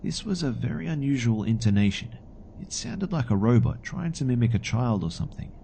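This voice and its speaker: A man telling a first-person horror story in scripted narration, calm and matter-of-fact. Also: medium pitch, brisk, gravelly, slight background noise.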